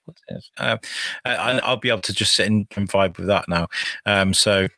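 A man hosting a casual podcast conversation, relaxed and laughing, with many fillers. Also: fairly low pitch, moderate pace, creaky, dry recording. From United Kingdom. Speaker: podcast host. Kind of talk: casual chat.

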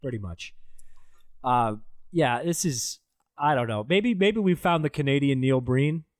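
A man's voice: medium pitch, lively intonation, a little slow, no echo, studio quality. A man in casual podcast chat, reviewing a bad movie with profane, sarcastic jokes. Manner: profane, sarcastic, mocking impressions.

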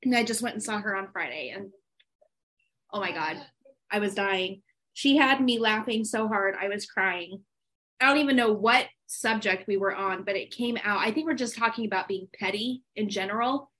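A woman co-hosting a podcast, telling stories in a lively, profane, casual chat. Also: mid-range voice, normal speed. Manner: animated, profane storytelling. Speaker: podcast co-host.

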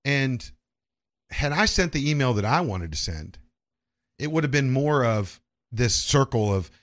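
Male host, mid-pitched voice, rambling chat with lots of restarts. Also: big pitch swings, a little slow, fairly bright tone. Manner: rambling, with frequent restarts and swearing. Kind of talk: casual podcast chat.

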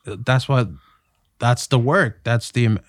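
A man's voice: mid-range voice, fairly even intonation, slow pace, no room sound, studio quality. A young adult man, an actor, talking about his work in a loose, casual way, often saying "like" and "man". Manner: laid-back, loose, peppered with "like" and "man". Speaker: actor guest. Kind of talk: casual interview.

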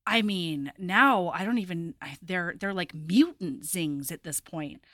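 A woman's voice: fairly low pitch, measured pace, no echo, studio quality. A woman co-hosting a podcast, retelling a romance novel in casual chat and acting out the characters' lines. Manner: animated storyteller, acting out quotes. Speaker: podcast co-host. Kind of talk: casual book recap chat.

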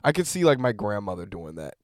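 Podcast co-host, man, animated and bouncy delivery, quick jokes, dry mic. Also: on the low side, no echo. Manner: lively, jokey interjections. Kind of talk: casual podcast chat.

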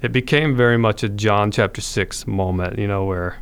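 A man's voice: fairly low pitch, moderate pace, smooth. A man, a podcast guest, telling his conversion story in an earnest, reflective way with frequent restarts.

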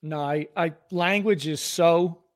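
A middle-aged man with a somewhat raised voice hosts a podcast interview. He speaks earnestly, with motivational emphasis, in a relaxed conversational tone. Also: fairly high pitch, slow pace. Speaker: podcast host. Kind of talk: casual interview chat.

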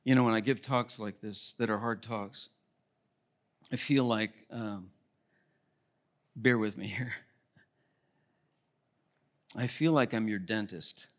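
A man preaching a sermon as pastor, emphatic, asking rhetorical questions and swinging between loud appeals and quiet asides. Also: fairly low pitch, fairly even intonation, slow pace, pauses often.

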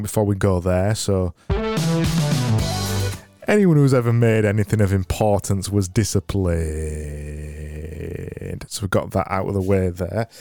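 A man's voice: fairly low pitch, dark tone. A man hosting a casual solo podcast, rambling in dry, self-mocking asides, with faint music behind. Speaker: podcast host.

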